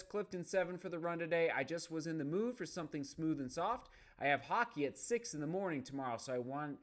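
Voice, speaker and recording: Upbeat man hosting a running live stream. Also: a little high. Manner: upbeat, chatty, reads viewer comments aloud. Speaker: running channel host. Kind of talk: live stream chat, reading comments.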